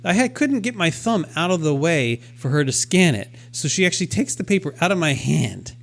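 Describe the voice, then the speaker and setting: Man, podcast co-host, casual chat, somewhat high voice, animated storyteller, self-deprecating. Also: brisk, gravelly. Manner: animated storytelling, self-deprecating, acts out his own thoughts.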